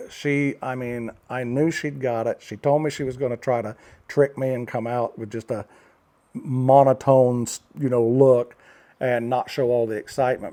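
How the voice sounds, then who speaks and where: A man's voice: medium pitch, dark tone. An older man from the United States telling a story in a casual talking-head vlog, rambling with fillers and restarts. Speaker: vlogger.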